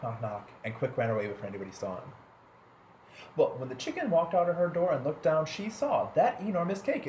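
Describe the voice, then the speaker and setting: Brief: animated children's storyteller, voice rising and falling, roomy echo with faint hum behind. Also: medium pitch. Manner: lively, expressive, dramatic pauses. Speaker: library storytime host.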